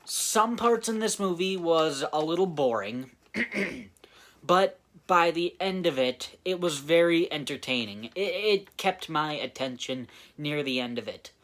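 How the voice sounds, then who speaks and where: A man giving a casual spoken film review, halting and often restarting his phrases. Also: a little high, expressive, fairly bright tone. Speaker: movie reviewer.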